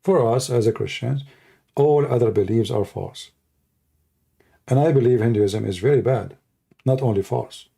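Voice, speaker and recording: A tired man rambles through an unscripted livestream monologue, combative and mocking. His voice is dark and mellow, sitting at an ordinary male pitch. He sounds worn after hours of talking. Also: moderate pace, gravelly, pauses often, husky. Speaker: livestream host.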